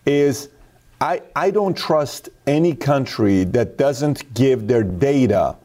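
Man, mellow tone, forceful opinionated talk-show delivery. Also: medium pitch, expressive, takes it slowly. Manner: emphatic, storytelling with acted quotes.

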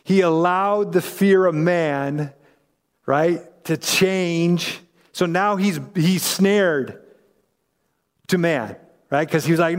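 High-voiced preacher in a reverberant hall. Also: male voice, slow pace. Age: adult parent. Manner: conversational, acts out quoted voices. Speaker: pastor. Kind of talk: sermon.

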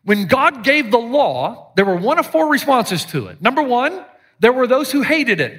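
A high-voiced man preaching a sermon with lively, sweeping pitch. He jokes and then suddenly shouts his points. His voice rings out through a large hall with a long, lingering reverb. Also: moderate pace. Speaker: pastor.

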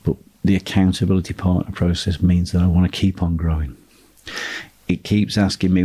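Deep, husky male property tutor. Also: moderate pace. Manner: steady, emphatic, repeats key phrases. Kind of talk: instructional monologue.

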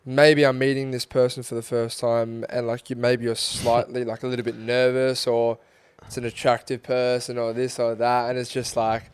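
A man co-hosting a podcast in lively, swearing banter. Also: mid-range voice, moderate pace, smooth, no echo. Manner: animated, swearing, agreeing banter. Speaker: podcast co-host. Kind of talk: casual chat.

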